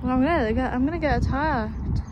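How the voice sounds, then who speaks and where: A young woman chatting excitedly as she vlogs a walk along a lakeside park trail, speaking into a handheld phone. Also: high voice, a little fast, lo-fi sound. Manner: excitable, chatty, exclaims often. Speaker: vlogger. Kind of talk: casual vlog narration. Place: outdoor park trail by a lake. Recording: loud outdoor noise behind.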